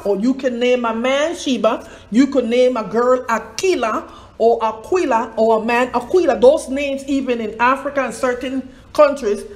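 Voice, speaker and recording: A woman giving an informal Bible teaching, wandering into asides, spelling out names and asking rhetorical questions. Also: high-pitched.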